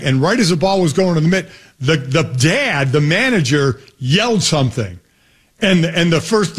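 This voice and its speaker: A man's voice: fairly high pitch, breathy edge. A middle-aged man on a sports radio show, telling family stories in a rambling, self-correcting way and laughing between lines. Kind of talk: casual storytelling chat.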